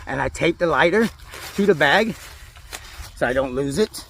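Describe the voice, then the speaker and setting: A man with a somewhat raised voice talks through his airsoft mission outdoors, swearing nonstop and rambling as he jokes. He often sinks into a low whisper. A light outdoor hiss sits under his voice. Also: lively intonation, moderate pace, vocal fry, a bit bright. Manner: swears constantly, rambling and joking. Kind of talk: casual profane game narration. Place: outdoors in woods.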